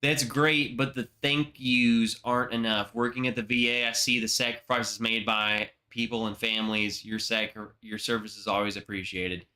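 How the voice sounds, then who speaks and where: A man hosting a casual livestream chat, telling a story in a slow, emotional, slangy way, close to tears. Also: mid-range voice, flat delivery, sharp tone. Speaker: livestream host.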